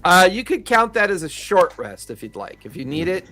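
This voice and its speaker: A man narrating a tabletop horror game as game master, slow and halting with fillers, over faint background music. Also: high-pitched, very animated, sharp tone.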